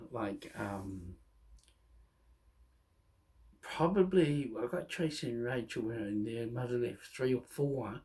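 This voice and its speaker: A middle-aged man telling his own life story in a candid, halting way, often restarting his sentences. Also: medium pitch, creaky, a little mellow. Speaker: vlogger. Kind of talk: personal storytelling monologue.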